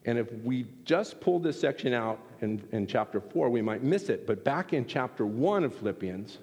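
Male pastor, mid-pitched, lively sermon delivery, long hall reverb. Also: normal speed. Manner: animated, acts out quoted exchanges.

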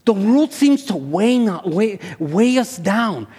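High-voiced preacher man in an echoey hall. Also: sing-song, slow pace, husky. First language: Spanish. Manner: builds to loud, high-pitched preaching, with restarts. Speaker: pastor. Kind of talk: sermon. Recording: echoey hall with long reverb.

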